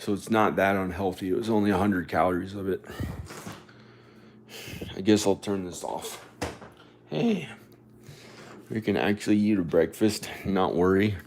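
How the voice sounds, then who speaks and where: A man talking into his phone in a rambling personal vlog, halting and sighing with many restarts. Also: low-pitched, a little mellow, a little hiss or hum. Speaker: vlogger. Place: at home and outdoors in the country.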